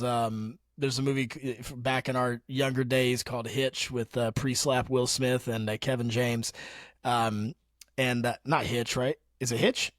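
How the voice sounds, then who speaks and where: A man's voice: mid-range voice, dry recording, studio quality. A young man co-hosting a podcast in casual chat, joking, rambling and laughing easily. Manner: jokey, quick to laugh, loose rambling. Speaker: podcast co-host.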